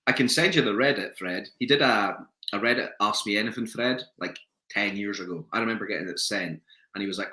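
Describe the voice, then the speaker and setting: Guy with a bright sharp voice, kinda hesitant, echoey room sound. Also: on the low side. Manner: hesitant, halting explanations. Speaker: podcast co-host. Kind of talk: casual chat. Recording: roomy echo.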